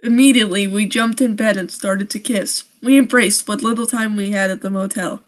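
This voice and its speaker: A woman's voice: medium pitch, steady tone, moderate pace. Giggly young woman reading a creepy story. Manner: giggly and sarcastic, often breaking off to laugh. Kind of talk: live-stream story reading with joking asides.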